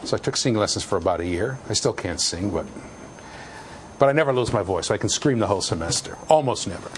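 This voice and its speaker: A man's voice: on the low side, quick pace. A middle-aged man lecturing a university class, swinging his voice up and down with lots of life. He teases the students with jokes and raises his voice to drive points home. A faint hum of the lecture hall sits behind him. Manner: animated, jokey, shouts for emphasis.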